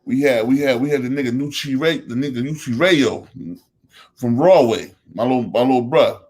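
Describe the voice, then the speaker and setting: A man's voice: medium pitch, normal speed, a little mellow, breathy edge. Emphatic man with a New Jersey accent. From Elizabeth, New Jersey. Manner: emphatic, repeats phrases, calls out names. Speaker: host. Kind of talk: casual monologue.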